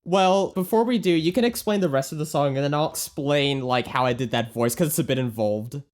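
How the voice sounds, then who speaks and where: A woman's voice: sits low, a little fast, darkish tone. A woman in casual podcast chat who carefully checks details. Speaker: podcast guest musician.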